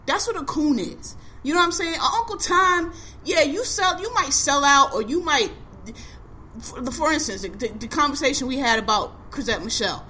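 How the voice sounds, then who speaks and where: Woman, high voice, bright tone, heated profane ranting, casual podcast chat. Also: expressive, normal speed, a little hiss or hum.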